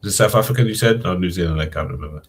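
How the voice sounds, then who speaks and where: A man tells a story in an easygoing group chat, circling back and restarting as he goes. His voice sits fairly low. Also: very fast, slight background noise.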